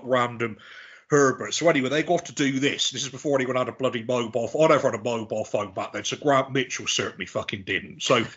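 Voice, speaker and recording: A man's voice: mid-range voice, a bit bright, slightly rough, muffled recording. A man in his forties telling rambling, sweary stories in a casual podcast chat. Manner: rambling, sweary storytelling with restarts. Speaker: podcast guest.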